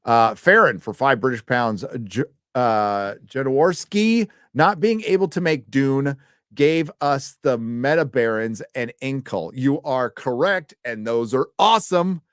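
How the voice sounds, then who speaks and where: A man's voice: medium pitch, lively intonation, unhurried, fairly bright tone, clear, resonant tone, dry recording. Male live-stream host, casual and profane, trips over his words; dry close recording. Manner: loose and chatty, swears freely, often stumbles over words. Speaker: host reading donations.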